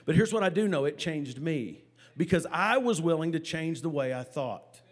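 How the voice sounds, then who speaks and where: A man preaching a sermon as a pastor, telling a story with animated, halting delivery and stammered repeats. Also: fairly high pitch.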